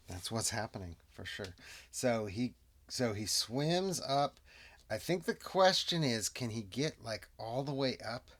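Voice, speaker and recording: With a mid-range, slightly bright voice, a man plays a tabletop game alone while narrating casually. He thinks aloud and sometimes mutters whispered asides under his breath.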